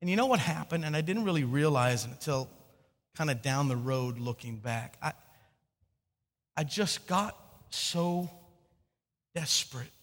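A man preaching a sermon, telling a personal story with lively, stammering restarts. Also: medium pitch, in a large hall. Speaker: pastor.

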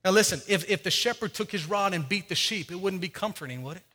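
A man preaching a sermon as pastor, repeating his key phrases and swinging between loud urging and quiet appeals. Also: sits high, expressive, quick pace, in a large hall. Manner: preaching with rising and falling intensity, repeating phrases. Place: church sanctuary.

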